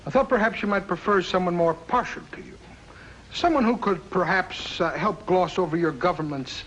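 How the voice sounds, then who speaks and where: An actor playing a scheming, accusatory foreign diplomat in a 1950s TV drama. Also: male voice, high-pitched, moderate pace, a bit bright, dull audio. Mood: accusing. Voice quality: mocking, accusatory. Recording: old TV soundtrack with faint hiss.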